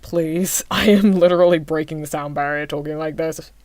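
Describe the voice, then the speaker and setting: A woman's voice: sits low, steady tone, normal speed, darkish tone, no echo. A woman streaming a casual anime watchalong, chatting and giggling with her chat in rambling asides. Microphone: desk mic adjusted mid-stream.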